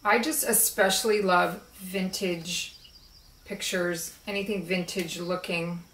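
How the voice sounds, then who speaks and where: A woman chatting casually and slowly about her favorite card decks, with relaxed fillers as she shows them. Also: on the low side, recorded from a distance. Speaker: spiritual video creator. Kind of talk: casual show-and-tell chat. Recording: roomy echo, voice a bit off-mic.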